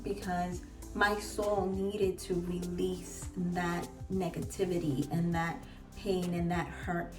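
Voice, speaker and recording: A woman life coach talking earnestly and gently about her own experience, coaching her viewers. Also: on the low side, level tone, slow. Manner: earnest, gentle, coaching tone with repeated urging phrases. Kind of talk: personal reflective vlog talk. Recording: echoey room, voice a bit far from mic, faint music.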